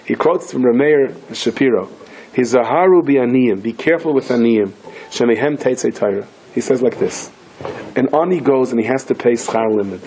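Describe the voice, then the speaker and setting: A man, a rabbi with an American accent peppered with Yiddish and Hebrew, giving a lively Torah lecture and acting out the story's voices. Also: medium pitch, normal speed, a little hiss or hum. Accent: American English with Yiddish and Hebrew words.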